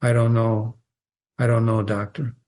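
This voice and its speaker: A man voicing a cold, controlled housekeeper woman in a quiet, flat monotone. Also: mid-range voice, a little slow, voice pushed down, natural voice.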